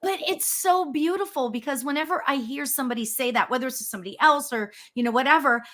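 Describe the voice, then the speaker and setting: A middle-aged woman, a spiritual medium, hosting a casual chat, animated and quick to laugh. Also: sits high. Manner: animated, laughs often, squeals when excited. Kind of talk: casual chat on a live show.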